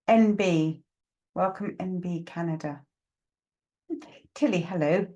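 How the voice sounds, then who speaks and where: A woman's voice: mid-range voice, darkish tone. A woman, a psychic medium hosting a live-streamed reading show. She chats casually, greeting viewers one by one by name, with plenty of ums.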